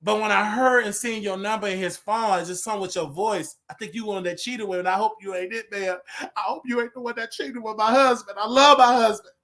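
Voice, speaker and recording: A man's voice: high-pitched, fairly even intonation, a little fast, a bit bright. A man voicing a jealous, angry middle-aged wife who keeps repeating one accusing question in street slang on a prank phone call.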